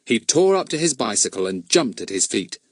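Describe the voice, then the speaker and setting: A man reads a children's story aloud with a highly expressive delivery. His pitch is mid and rises and falls dramatically, and the sound is dry and close. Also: moderate pace, breathy edge, no echo. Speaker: audiobook narrator. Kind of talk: scripted narration.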